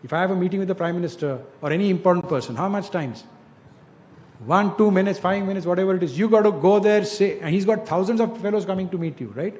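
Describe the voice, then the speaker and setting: A man's voice: high voice, quick pace, a little mellow. A man giving direct, coaching advice to students in an informal talk, often asking rhetorical questions. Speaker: industry speaker mentoring students.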